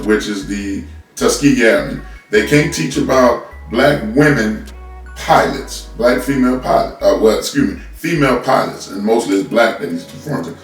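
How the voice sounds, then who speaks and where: A man ranting bluntly and scolding his listeners, stumbling over repeated words as he talks into a phone from a distance. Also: mid-range voice. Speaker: commentary host. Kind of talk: unscripted political rant. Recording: roomy, from a distance off the mic.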